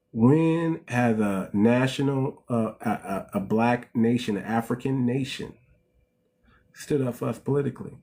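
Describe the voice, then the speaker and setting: A man's voice: mid-range voice, unhurried, warm tone. A man hosting a casual livestream, preaching to viewers, calling them "family" and asking rhetorical questions. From United States. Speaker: livestream host.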